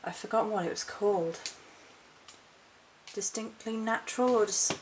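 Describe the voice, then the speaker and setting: A woman's voice: medium pitch, measured pace, slight background noise, low-quality recording. A woman chatting casually through a haul vlog, rambling and correcting herself as she goes. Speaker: witchcraft vlogger.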